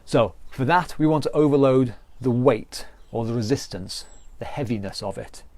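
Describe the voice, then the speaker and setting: An earnest man with a British accent teaching a live online fitness class, circling back to his points again and again. His voice is mellow and low-key, and the sound is dry and close, with little room around it. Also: moderate pace, dry recording. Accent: British English. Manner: earnest, repetitive explaining with restarts. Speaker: fitness instructor.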